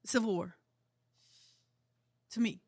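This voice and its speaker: A woman's voice: on the high side, slow pace, creaky, dark tone, slightly rough, no room sound, studio quality. A woman in her thirties with a New York accent, a comedian guest joking and teasing in a casual podcast chat. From New York area.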